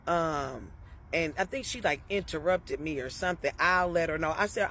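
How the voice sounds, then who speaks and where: A woman's voice: sits low, normal speed, fairly bright tone, a little hiss or hum. A woman telling a personal story in a casual, chatty way, often laughing and turning to her listeners with "y'all" and "okay?". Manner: laughs often between sentences.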